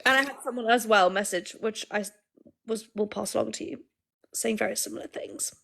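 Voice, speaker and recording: A woman's voice: on the high side, fairly quick, vocal fry, a bit bright. A young woman co-hosting a live podcast stream, chatting casually and teasing her co-host. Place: indoors at a shared table.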